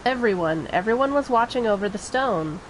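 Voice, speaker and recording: A woman's voice: a little high, expressive, fairly quick, a little hiss or hum, natural voice, rough recording. A woman voicing a stubborn little summoner girl, reading game dialogue aloud and insisting she is grown-up. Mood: worried.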